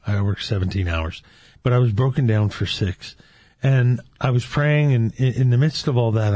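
Earnest storytelling man, husky voice. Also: fairly low pitch, mellow, no echo. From California. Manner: earnest, tells stories with quoted dialogue. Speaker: guest, Catholic men's ministry leader. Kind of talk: casual faith chat and storytelling.

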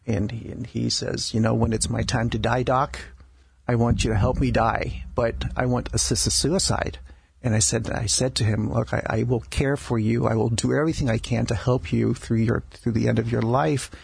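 A male doctor in a radio studio interview, telling stories about his patients in a halting way, with frequent restarts and repeated words. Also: mid-range voice, fairly even intonation, gravelly, breathy edge, no echo. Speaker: palliative care doctor, guest. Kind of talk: conversational storytelling interview.

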